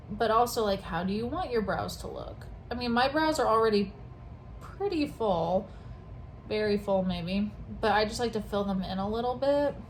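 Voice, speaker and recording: A woman's voice: mid-range voice, darkish tone, a little hiss or hum. A young woman vlogging at home at night, chatting casually and rambling through asides while she does her makeup close to the camera. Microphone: camera very close to her face.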